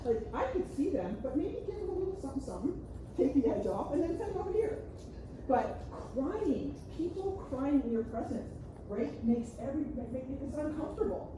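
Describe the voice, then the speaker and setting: A middle-aged woman giving a workshop talk on grief as a counselor, chatty and lively, often checking in with the audience and laughing. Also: high voice, fairly quick, noisy background.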